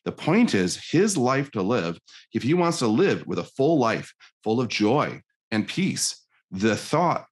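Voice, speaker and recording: In a conversational podcast interview, a middle-aged life coach tells stories animatedly, acting out the quoted dialogue. His mid-range voice has a breathy edge and a measured pace.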